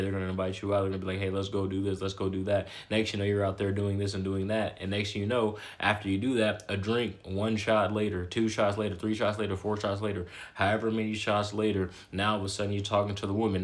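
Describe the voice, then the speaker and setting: Guy talking fast and blunt, lots of "okay?", kinda low flat voice. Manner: repetitive, emphatic, keeps adding "okay?"; blunt and slangy. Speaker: motivational talker. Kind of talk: casual motivational monologue.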